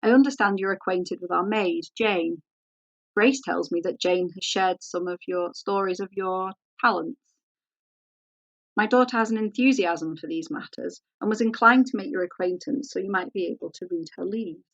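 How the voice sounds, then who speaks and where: A woman's voice: medium pitch, moderate pace, no room sound, highs cut off, lightly acted. A woman voicing a stern upper-class mother with a formal, commanding manner.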